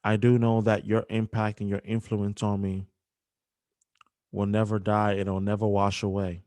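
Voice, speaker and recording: A young man hosting a podcast, speaking emotionally with halting restarts and apologies. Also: on the low side, completely flat delivery, darkish tone, dry recording. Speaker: podcast host. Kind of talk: emotional podcast dedication and interview.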